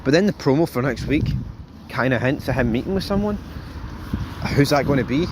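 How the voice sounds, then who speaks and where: A man hosting a casual TV review, rambling and animated, swearing freely and calling viewers folks. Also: mid-range voice, fairly quick, background noise. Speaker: show host, TV reviewer.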